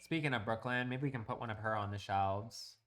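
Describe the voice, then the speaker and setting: A man's voice: lowish voice, brisk, a bit bright, a little hiss or hum. A man casually chatting on a live stream while he plays a building game, teasing and swearing freely at home.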